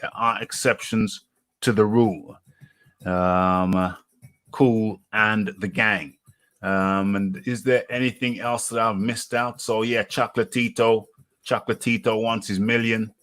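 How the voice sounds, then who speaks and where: A man's voice: on the low side, steady tone, unhurried, fairly bright tone. A British man hosting a live boxing talk stream, rambling and repeating his phrases with plenty of fillers. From United Kingdom. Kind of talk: casual live-stream chat.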